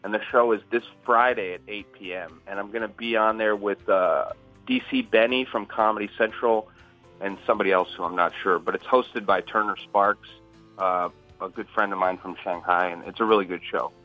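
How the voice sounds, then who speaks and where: Low-voiced man telling a funny story. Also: steady tone, normal speed, narrow, tinny audio, faint music behind. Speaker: comedian guest. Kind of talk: casual storytelling chat.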